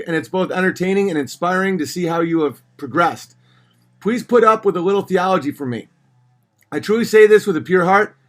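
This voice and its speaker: A fairly high-pitched man hosts a loose livestream, reading out viewer messages. He answers them sardonically and keeps shifting between jokey put-on voices and low, grumbling asides. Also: fairly bright tone. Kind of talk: casual livestream chat.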